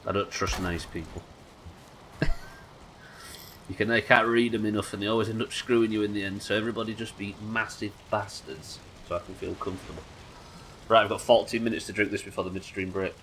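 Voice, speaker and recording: A man's voice: on the low side, fairly even intonation, a little fast, a bit bright, a little hiss or hum. A man with a Yorkshire accent chatting casually and swearing freely while streaming a game. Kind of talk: casual live-stream chat while gaming.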